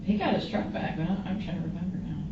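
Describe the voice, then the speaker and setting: Woman witness in a police interview, low voice, roomy and distant recording. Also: quick pace, muffled recording, background noise. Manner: rambling, animated retelling with quoted dialogue. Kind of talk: recounting events to police.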